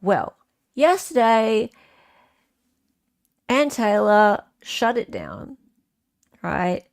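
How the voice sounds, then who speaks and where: Gravelly-voiced Australian woman streamer. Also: medium pitch, wildly swooping pitch, drawn-out words. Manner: chatty, ranting, reads viewer comments aloud. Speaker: livestream host. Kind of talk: casual livestream chat and commentary.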